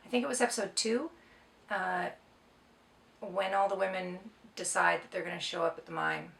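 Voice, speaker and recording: A woman's voice: fairly low pitch, steady tone, moderate pace, vocal fry, fairly bright tone. A middle-aged woman from Canada, an actress reading fan questions aloud and answering them in a playful, joking way. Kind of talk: casual self-recorded Q&A, reading questions aloud. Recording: echoey room, far from mic.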